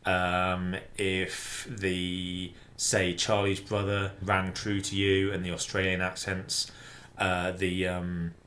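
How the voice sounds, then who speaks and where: A British man asking a question in a halting, hesitant way, with many pauses. His voice is deep and bright, and it stays flat and level throughout. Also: a little hiss or hum. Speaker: listener sending a video message. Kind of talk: recorded question to podcast hosts.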